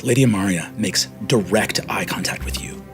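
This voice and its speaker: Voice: low voice, moderate pace, over music. A game master narrating a tabletop game with vivid, dramatic scene description.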